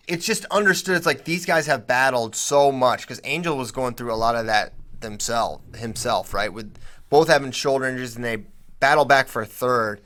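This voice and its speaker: A man co-hosting a casual sports podcast, talking in quick bursts and getting emphatic when he makes a point. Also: medium pitch. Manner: animated, rising emphatically when making a point. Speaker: podcast co-host.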